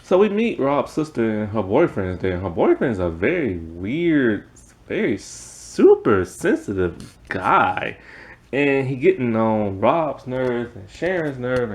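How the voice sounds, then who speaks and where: A man's voice: on the low side, sing-song, measured pace. A man giving a casual, rambling recap of a TV episode, peppered with "like" and laughing at the plot. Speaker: TV show reviewer.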